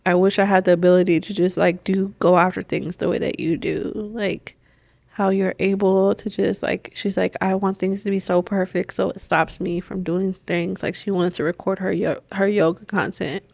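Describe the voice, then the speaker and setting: Female podcast co-host, casual and animated, acts out dialogue; dry recording. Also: medium pitch, moderate pace, vocal fry, no echo. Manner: animated, laughs often, acts out both sides of exchanges. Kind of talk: casual chat and storytelling.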